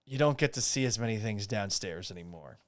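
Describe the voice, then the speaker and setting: Guy ranting on his podcast stream, cussing a lot, bouncy high-ish voice, clean dry sound. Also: fairly quick, no room sound. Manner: profane, animated and sarcastic. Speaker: podcast host reacting to a baseball loss. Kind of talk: casual live-stream rant with chat.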